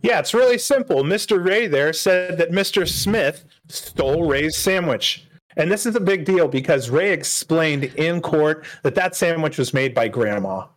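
A man co-hosting a casual podcast, telling the story in a lively, quick way. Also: fairly high pitch. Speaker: podcast co-host.

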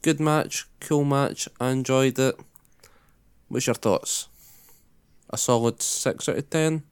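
A man's voice: mid-range voice, slow, clear, resonant tone, dry recording. A man on a podcast recapping wrestling matches in a blunt, sweary play-by-play. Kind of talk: casual recap.

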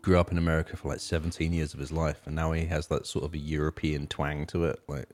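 A man's voice: very deep voice, flat delivery, quick pace, darkish tone. A man co-hosting a music podcast, talking casually and rambling with lots of fillers and restarts. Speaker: podcast co-host.

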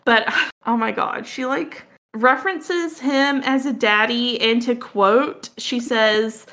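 Bright-voiced woman co-host, frank and giggly in casual chat. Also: on the high side, slow. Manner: frank and giggly, trailing off and restarting. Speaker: book club podcast co-host. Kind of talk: casual chat, book review.

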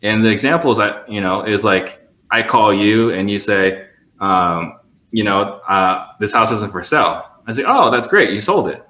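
Man, low voice, bright forceful tone, real estate sales trainer, casual podcast chat, measured, echoey room. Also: steady tone. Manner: measured, explains with quick acted-out phone dialogues.

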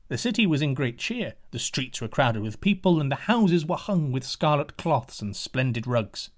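A man narrating a fairy tale in a measured, expressive reading. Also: medium pitch. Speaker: storyteller.

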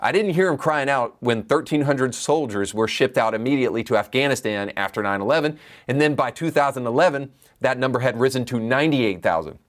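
A man's voice: medium pitch, animated, fairly quick. Opinionated man hosting commentary. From United States. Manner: opinionated, emphatic, argumentative. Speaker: commentary podcast host.

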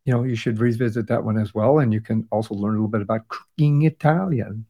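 A man's voice: lowish voice, fast talker, highs cut off. Tired man hosting a podcast chat. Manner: conversational, with fillers and restarts. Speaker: podcast host. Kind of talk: casual chat recapping episodes.

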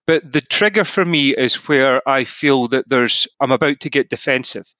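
Bright-voiced Scottish man explaining. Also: mid-range voice, normal speed, no room sound. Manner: earnest, explanatory, frequent "you know". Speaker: podcast guest, mindset coach. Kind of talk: casual podcast conversation.

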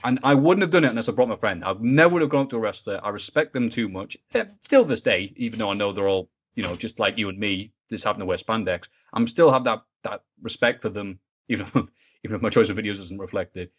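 Fast-talking man, lo-fi. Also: fairly low pitch. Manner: animated, acts out voices in his stories, swears. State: sick, stuffy. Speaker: interview guest, video maker. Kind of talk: casual podcast storytelling.

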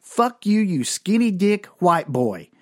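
A woman's voice: a little high, very animated, measured pace, darkish tone, voice pushed up. A man voicing a brash, indignant, foul-mouthed streetwalker woman in a comic story. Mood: angry.

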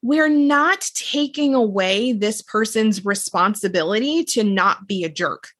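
An earnest woman coach explaining ideas in relaxed podcast talk. She slows down on the points she wants to land and keeps a steady, mid-height voice. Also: mid-range voice, dry recording. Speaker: emotional regulation coach. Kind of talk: casual podcast conversation.

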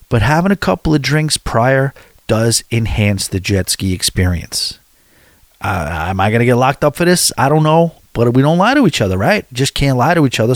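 A man's voice: mid-range voice, dry recording, studio quality. Candid rambling man telling a story. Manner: rambling, candid, talks straight to the viewer. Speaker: travel storyteller. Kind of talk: casual anecdotal storytelling.

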